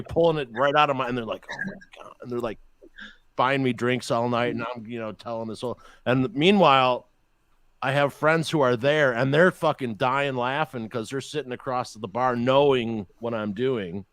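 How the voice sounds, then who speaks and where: A man's voice: mid-range voice, normal speed, fairly bright tone, dry recording. A man hosting a casual chat, telling profane, jokey stories and dropping into voices. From Chicago area. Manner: profane, jokey storyteller who slips into voices. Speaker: podcast host.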